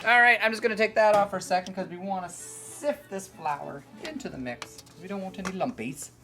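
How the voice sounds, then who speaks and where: A woman's voice: medium pitch, expressive, brisk. A woman hosting a casual cooking demo, talking in a playful, rambling, joking way. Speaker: cooking show host. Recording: background music.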